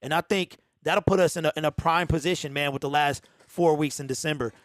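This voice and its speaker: A man's voice: a little high, fairly quick, dry recording. A man hosting a fan call-in show, talking loosely and repeating himself, with "man" in almost every sentence. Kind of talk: casual call-in chat.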